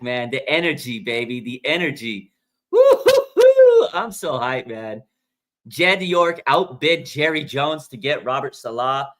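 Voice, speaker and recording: A man hosting a fan livestream, talking excitedly in slangy bursts and letting out loud whoops. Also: mid-range voice. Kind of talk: hyped fan livestream commentary.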